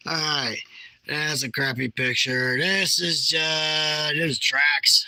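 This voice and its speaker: A middle-aged man casually chatting about his field photos, animated, jokey and blunt. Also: a little high, dry recording, rough recording. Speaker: bigfoot researcher.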